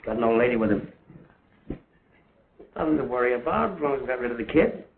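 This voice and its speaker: An actor playing an uneasy, scheming gang member in an early talkie. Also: male voice, mid-range voice, lively intonation, fast talker, creaky. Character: nervous male gang member. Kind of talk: early talkie film acting. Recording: tinny scratchy 1920s film soundtrack.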